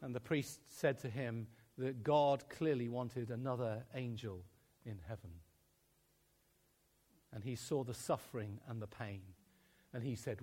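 A man's voice: mid-range voice, unhurried, pauses often, warm tone, breathy edge. A man preaching a sermon, telling stories with acted-out dialogue and laughing often as he speaks. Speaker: pastor.

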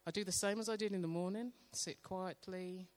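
A woman sharing a calm devotional testimony and leading a slow, meditative guided prayer. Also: lowish voice. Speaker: church member sharing testimony.

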